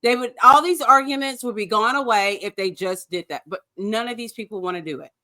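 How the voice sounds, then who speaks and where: A woman's voice: on the high side, brisk, pushed and bright. A woman guest in a casual chat, blunt, sarcastic and often swearing. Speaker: guest co-host. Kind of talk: casual chat recapping a show.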